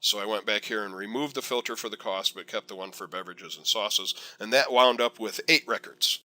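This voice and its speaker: A man teaching a software tutorial over a screen recording, chatty and encouraging with folksy asides. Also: fairly low pitch, a little fast. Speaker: software instructor.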